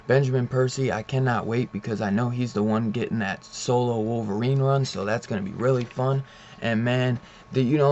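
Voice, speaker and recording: A man's voice: medium pitch, slight background noise. Swearing laid-back guy ranting about comics. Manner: loose and profane, heavy use of "like", "man" and "dude"; retells scenes in a loose storytelling way. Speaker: comic book reviewer. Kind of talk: casual comic book review rant. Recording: slightly dull, muffled audio.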